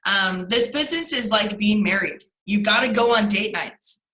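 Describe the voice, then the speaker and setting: A woman's voice: mid-range voice, moderate pace, sharp tone, reverberant, low-quality recording. A young adult woman leading a motivational team call on a video call, speaking emphatically and repeating lines for stress. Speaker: team leader.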